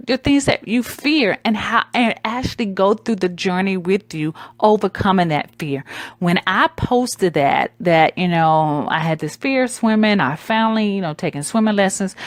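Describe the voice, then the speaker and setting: A woman's voice: medium pitch, no room sound. A woman in her forties with a Southern US accent, talking conversationally and emphatically as a branding coach on her podcast. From Southern United States. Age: 40s. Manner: conversational and emphatic, addresses listeners as "guys". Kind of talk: casual solo podcast talk.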